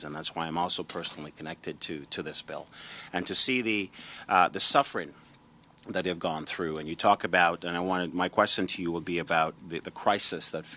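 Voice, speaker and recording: A man, a senator, questioning a witness at a committee hearing, speaking haltingly with many fillers and restarts. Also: low-pitched, pushed and bright.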